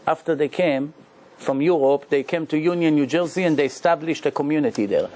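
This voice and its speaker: High-voiced rabbi telling stories. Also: male voice, fairly quick, a little hiss or hum. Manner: animated storytelling with non-native English grammar. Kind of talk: Torah lecture.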